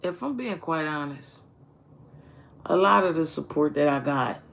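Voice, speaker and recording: Slow, gravelly-voiced man telling his story. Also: fairly high pitch, lively intonation, a bit bright. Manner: candid, profane, reflective, repeats phrases. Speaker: streamer. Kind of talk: casual personal storytelling.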